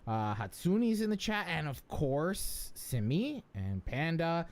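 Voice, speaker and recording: A man's voice: a little high, takes it slowly. A man hosting a live podcast, chatting casually and teasing his co-hosts. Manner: animated, jokey, playful teasing. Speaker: podcast host.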